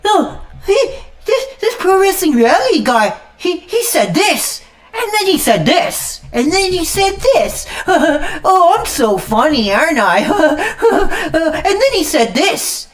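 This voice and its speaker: A man putting on a high, sneering voice, with laughter, to mock a smug young man reading posts aloud. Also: big pitch swings, slow pace, fairly bright tone, exaggerated voice.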